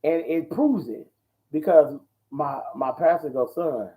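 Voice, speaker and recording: A man hosting a ministry talk show who preaches in a loud, bold, slangy way, repeating his phrases and answering viewer comments. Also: on the high side, unhurried, rough recording.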